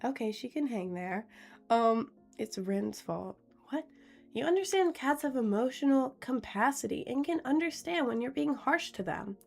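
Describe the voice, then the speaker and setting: A giggly young woman streaming live, her voice sitting a little high as she chats. She reads viewers' questions out loud and answers them in a playful, easygoing way. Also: animated, moderate pace, gravelly, soft background music. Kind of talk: casual live-stream chat.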